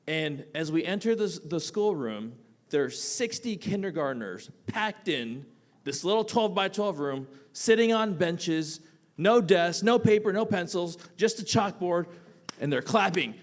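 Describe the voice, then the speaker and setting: Animated man telling a story on stage. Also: high-pitched, measured pace. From United States. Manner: animated, swinging from loud bursts to quiet asides; casual, with frequent "like" fillers. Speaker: teacher telling a personal story. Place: theatre stage.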